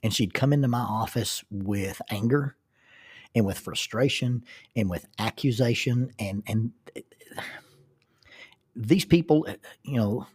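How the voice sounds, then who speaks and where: A man's voice: mid-range voice, takes it slowly, long pauses, a little mellow, husky. A middle-aged man telling a rambling, self-deprecating personal story, with frequent restarts.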